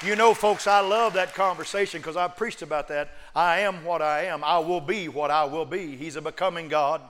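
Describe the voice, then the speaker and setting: A man preaching a sermon, joking one moment and shouting emphatic refrains the next. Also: on the high side, steady tone, normal speed, a faint crowd, a little hiss or hum. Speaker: pastor. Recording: long reverb of a large hall.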